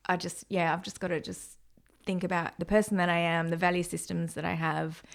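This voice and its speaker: A woman's voice: on the low side, flat delivery, brisk, vocal fry. An Australian woman in her thirties, a podcast guest talking candidly and laughing often. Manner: candid, laughs often, acts out quoted voices. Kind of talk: casual podcast interview.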